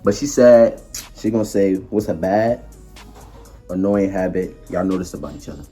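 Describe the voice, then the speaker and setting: A young man with a low voice tells stories in quick, animated street slang. His delivery is casual and energetic. Faint music sits in the background. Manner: fast, animated slangy storytelling. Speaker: podcast co-host. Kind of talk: casual storytelling chat.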